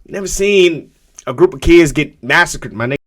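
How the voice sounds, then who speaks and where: A man's voice: a little high, expressive, normal speed, background noise. A man streamer reacting live to videos, talking in a loose, slangy and profane way with frequent asides to his viewers.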